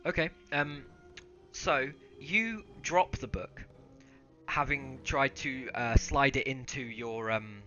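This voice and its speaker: A man running a tabletop game, narrating scenes in a relaxed, hesitant way full of ums and uhs. His voice is bright and sits at a middle pitch. The audio is slightly muffled, with faint music behind. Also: slow pace. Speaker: game master.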